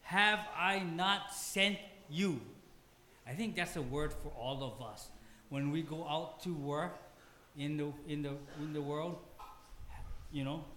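A man's voice: fairly high pitch, steady tone, unhurried, long pauses, a little hiss or hum. A male pastor with a Hawaiian Pidgin English accent, preaching a humorous, emphatic, self-deprecating sermon. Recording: roomy hall with faint ambience.

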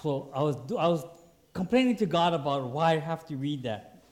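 Male preacher, high-pitched, lively storytelling sermon delivery. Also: a little fast. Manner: animated, acts out quoted voices. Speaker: pastor.

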